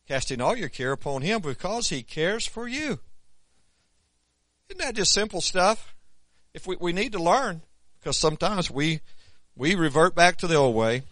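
Guy preaching, homey and folksy, gets loud then goes soft, dry close mic. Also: a little high, big pitch swings, moderate pace, no echo. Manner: folksy, rising to emphatic peaks then dropping soft. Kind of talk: sermon.

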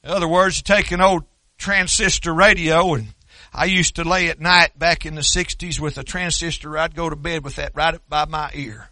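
An older man from Oklahoma preaching a sermon, wandering into folksy asides and building to loud shouted stretches. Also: fairly high pitch, fairly even intonation, moderate pace, no echo.

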